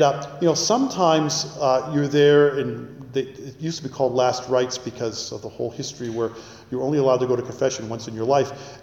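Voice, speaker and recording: A middle-aged priest telling a story in an informal talk, rambling and halting with frequent restarts. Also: male voice, mid-range voice, a little mellow. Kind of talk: informal talk on prayer and sacraments. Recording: echoey room with long reverb.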